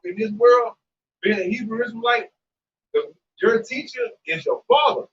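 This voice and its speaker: Lively high-voiced man preaching bluntly. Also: normal speed. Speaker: Hebrew Israelite member discussing scripture. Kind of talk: casual religious discussion. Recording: distant dull mic with faint noise.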